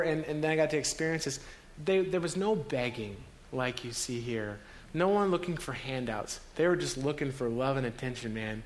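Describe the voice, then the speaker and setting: A man talking in an earnest, emotional way with halting restarts, recounting a trip as host of a conversation. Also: medium pitch. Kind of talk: casual storytelling conversation.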